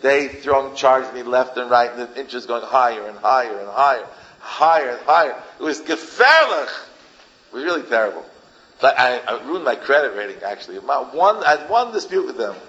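A man's voice: medium pitch, sing-song, brisk, fairly bright tone, dull audio. A man giving an informal Torah lecture as a rabbi, emphatic and repeating phrases for effect. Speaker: rabbi teaching a class.

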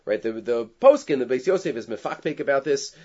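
A man's voice: medium pitch, animated, fairly quick, darkish tone. A man teaching a class on Jewish law, reading Hebrew sources and explaining them in English, with asides and rhetorical questions. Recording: dull lo-fi recording.

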